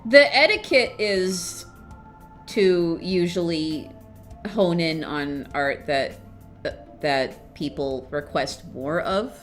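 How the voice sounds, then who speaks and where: A woman streamer chatting casually to her viewers, excitable, swinging between mumbles and squeals of laughter. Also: fairly low pitch, slow pace, soft background music. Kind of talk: casual livestream chat.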